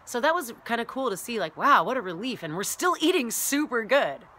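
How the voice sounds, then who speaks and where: A woman's voice: fairly high pitch, big pitch swings, fairly quick, pushed and bright, a little hiss or hum. A woman vlogging as a wellness coach, rambling and chatty, often acting out her own past thoughts. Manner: rambling and chatty, full of "like" and "you know". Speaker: massage therapist and wellness coach. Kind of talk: casual vlog monologue.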